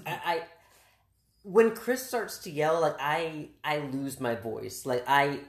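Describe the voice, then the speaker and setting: Very deep-voiced, expressive woman. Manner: expressive, animated, restarts sentences. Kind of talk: casual conversation. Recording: roomy echoing room.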